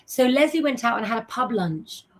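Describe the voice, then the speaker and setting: A woman's voice: a little high, lively intonation, normal speed. A middle-aged woman hosting a casual live stream, chatting as she reads out viewers' names and messages and giving tarot advice.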